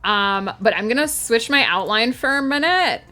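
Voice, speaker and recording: A woman's voice: fairly high pitch, animated, moderate pace, pushed and bright, faint music behind. A woman streaming her writing work, chatting casually with viewers and answering their messages. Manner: chatty, reads chat aloud and answers viewers. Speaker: writer streaming her planning. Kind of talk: casual livestream chat with viewers.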